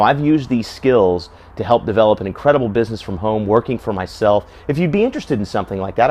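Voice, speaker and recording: A man's voice: on the low side, a little mellow. A man giving casual advice to camera, talking conversationally and asking lots of rhetorical questions. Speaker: self-help video host.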